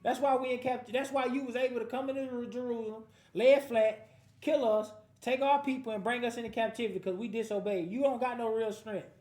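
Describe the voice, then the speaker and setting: This man's very high-pitched voice stays steady and fairly quick, with a darkish tone, as he gives lively scripture commentary. Leading a Bible class in an echoing room, he comments on each verse in loose street slang and tells the class to continue.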